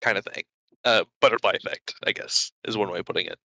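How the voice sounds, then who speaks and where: Breathless, rambling bright-voiced man. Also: lowish voice, fast, creaky, no room sound, low-quality recording. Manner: rambling, hesitant, many fillers. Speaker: podcast co-host. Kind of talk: casual chat.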